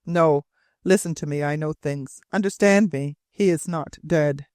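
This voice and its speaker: A rough frontier sailor who stumbles over his words and repeats himself with stubborn emphasis, as a man reads him in an audiobook. The voice sits a little high and the recording is dry and close. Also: unhurried, darkish tone, no echo, close to an everyday voice. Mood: insistent. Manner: broken, repetitive, emphatic phrasing. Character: rough, halting old frontier sailor, insistent.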